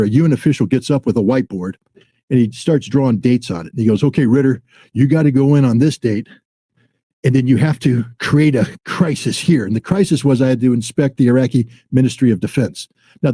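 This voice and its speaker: A former weapons inspector in his sixties tells his story as a guest, his voice deep-toned, dark and husky. He talks bluntly and acts out the back-and-forth of past conversations. The sound is dry and close, with no room echo. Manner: blunt, acts out quoted dialogue. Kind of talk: storytelling in an interview.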